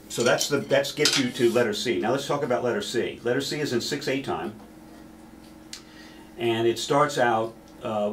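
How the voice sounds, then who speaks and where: A man's voice: mid-range voice, slight background noise. A man teaching a snare drum solo, counting beats aloud and stopping now and then to correct himself.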